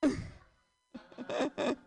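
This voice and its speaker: On stage before a live audience, a woman performs stand-up, meandering through self-deprecating jokes. Her voice has a dark tone and she speaks very slowly.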